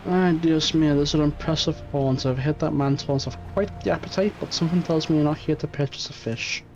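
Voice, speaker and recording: A man's voice: fairly high pitch, normal speed, a little mellow, natural voice. A man voicing a lovesick, flamboyant Spanish fishmonger in a game reading, with a put-on Spanish accent. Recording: muffled stream audio, faint music.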